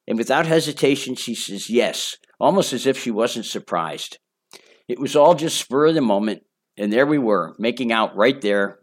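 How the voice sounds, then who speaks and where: An older man reading his own memoir aloud, telling a candid, boastful story. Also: mid-range voice. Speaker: memoir narrator.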